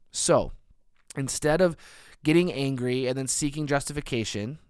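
A man in his thirties preaching a sermon, earnest, building to emphatic peaks and then dropping soft. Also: mid-range voice, clean tone, no echo, studio quality. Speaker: pastor.

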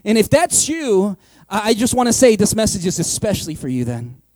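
A man's voice: high-pitched, big pitch swings, fairly quick, a little mellow, no echo. A man preaching a sermon as pastor, casual and joking, acting out the voices of his listeners.

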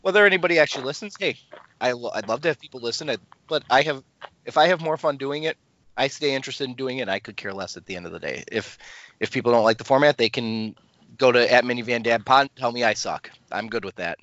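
Bright-voiced rambling male podcast host. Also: medium pitch, quick pace, no room sound. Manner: rambling, self-deprecating, many restarts. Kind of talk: casual chat. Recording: slightly dull lo-fi podcast audio.

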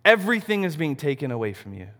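Guy preaching a sermon, kinda high voice, big echoey hall, gets loud then quiet, lots of rhetorical questions. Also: big pitch swings, fast. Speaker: pastor. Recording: long reverb of a large hall.

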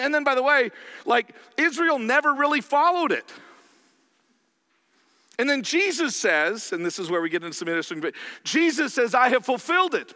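High-voiced man preaching in a hall. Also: pushed and bright. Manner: conversational, checks in with rhetorical questions. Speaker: pastor. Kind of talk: sermon.

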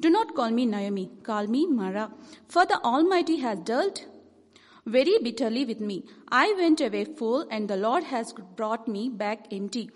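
A woman's voice: fairly high pitch, animated, moderate pace, lightly acted. A woman voicing a grieving older widow who pleads with her daughters-in-law, read aloud earnestly. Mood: pleading, bitter. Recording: echoey hall.

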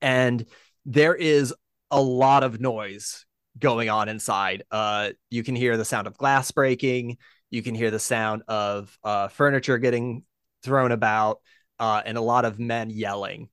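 A man's voice: mid-range voice, fairly even intonation, unhurried, fairly bright tone, clean tone, dry recording, studio quality. A man narrating a tabletop game as game master, rambling with many fillers.

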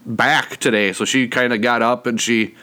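A man's voice: medium pitch, fairly even intonation, moderate pace, bright, forceful tone. A man with a Minnesotan accent co-hosting a podcast in easygoing casual chat. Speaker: podcast co-host.

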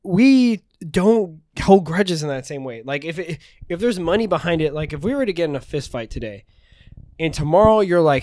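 A man's voice: a little high, lively intonation, normal speed, a little mellow, no room sound, clean studio sound. A man co-hosting a casual podcast chat, rambling and teasing with plenty of swearing. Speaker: podcast co-host.

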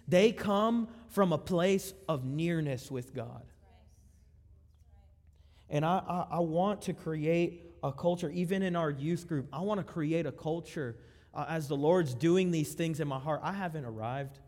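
A youth pastor preaching a sermon with passion, swinging between hushed tones and soaring appeals. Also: male voice, a little high, unhurried. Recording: long hall reverb.

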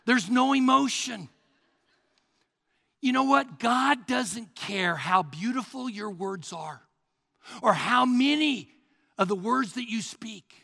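A man in his sixties preaching a sermon as pastor, swinging from hushed murmurs to shouts. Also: high-pitched, gravelly, husky. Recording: long hall reverb.

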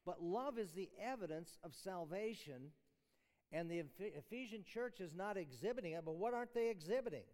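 Man, chapel sermon, high voice, long hall reverb, conversational teaching, rhetorical questions. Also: expressive, fairly quick, darkish tone. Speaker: chapel speaker. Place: large chapel.

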